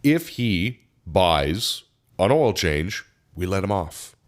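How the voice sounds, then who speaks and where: Low-voiced man telling shop stories. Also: takes it slowly. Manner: animated anecdote teller, acts out customer lines. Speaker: podcast co-host. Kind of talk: casual storytelling chat.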